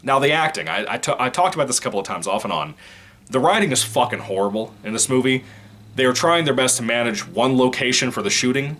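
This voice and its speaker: A man's voice: mid-range voice, animated, fast, a bit bright, a little hiss or hum. Frank, rambling man reviewing a movie. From Virginia, US. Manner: rambling, frank, profane, laughs often. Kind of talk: casual video review.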